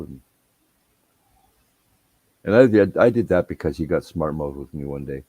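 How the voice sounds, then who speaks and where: A man's voice: very deep voice, expressive, normal speed, pauses often, warm tone, slightly rough, dry recording. A man telling rambling, profane anecdotes in casual chat. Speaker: storyteller.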